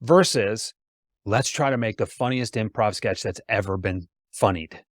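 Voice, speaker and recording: A man's voice: fairly low pitch, unhurried, no room sound, studio quality. A man who is a guest on a podcast, talking casually and emphatically in punchy sayings, repeating words as he builds a point. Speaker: sales trainer, podcast guest. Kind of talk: casual conversational interview.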